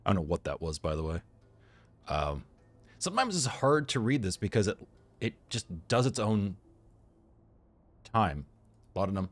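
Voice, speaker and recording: A man with a fairly low voice talks through a game session in lively, swooping tones. He thinks out loud, reads the on-screen text and cracks jokes at the characters as he weighs each choice. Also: moderate pace, long pauses. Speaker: gameplay commentator. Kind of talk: let's play commentary.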